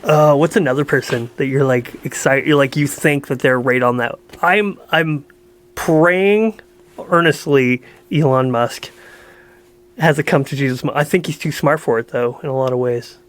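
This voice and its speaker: A man's voice: medium pitch, normal speed. A man co-hosting a podcast, talking bluntly and profanely in casual chat, laughing often. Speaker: podcast co-host.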